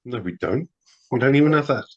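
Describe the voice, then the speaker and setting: A man's voice: mid-range voice, animated, fairly quick, darkish tone, highs cut off. A man, co-hosting a podcast in casual chat with dry joking asides. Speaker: podcast co-host.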